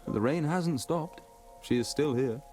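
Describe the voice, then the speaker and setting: A man voicing a calm, cautious male mage companion in a video game, speaking in a measured, advising way. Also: on the high side, soft background music, natural voice.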